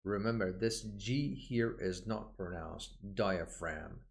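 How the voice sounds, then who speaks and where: A man with a very low voice teaches medical terms in a recorded online lesson. He speaks slowly and patiently, explaining each word and saying it again so learners can copy the pronunciation. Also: expressive. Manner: explanatory, with frequent "uh" fillers. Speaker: English vocabulary teacher.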